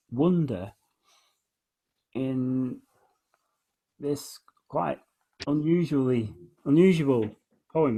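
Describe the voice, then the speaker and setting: A man with a husky, slightly breathy voice explains the rhythm of a poem in an easy back-and-forth chat. He is hesitant and restarts his sentences often. He stretches out each word when he reads verse aloud. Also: mid-range voice, mellow. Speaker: guest discussing poetry. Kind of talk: relaxed conversation, explaining verse.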